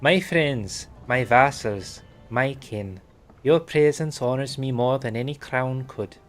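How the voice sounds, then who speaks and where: A grand Welsh king addresses his court, his Welsh accent laid on thick, done by a man reading aloud. He speaks in a stately, proclaiming way, gracious and sure of himself. His pitch sits in a middle range. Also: takes it slowly, soft background music, lightly acted. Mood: stately welcome. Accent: put-on Welsh.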